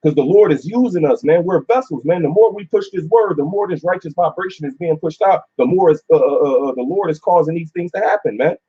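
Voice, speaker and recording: A man's voice: fairly high pitch, fairly quick, few pauses, warm tone, slightly rough. A man teaching scripture in casual talk among a few men, filling his speech with "uh" and "man". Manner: preachy, filler-heavy, repeats "man". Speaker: group teacher. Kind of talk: casual religious discussion. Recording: dull lo-fi recording.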